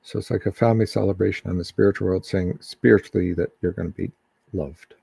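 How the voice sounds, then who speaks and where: A man with a very low, gravelly voice gives casual psychic readings to a live-stream audience. He talks in halting bursts full of ums and restarts, and his tone is dark and husky. The sound is close and dry, with no room echo. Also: steady tone.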